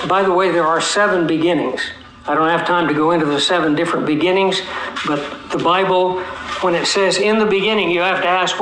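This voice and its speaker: Bright-voiced man preaching in an echoey room. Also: high voice, a little hiss or hum. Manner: teaching, asks the congregation questions, slows and stretches key words for emphasis. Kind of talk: expository sermon.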